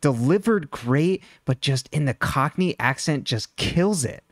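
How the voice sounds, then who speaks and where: A woman's voice: low voice, unhurried, dry recording. Chatty young woman, dry close mic. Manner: chatty, heavy use of "like", animated. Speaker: podcast co-host. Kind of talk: casual chat.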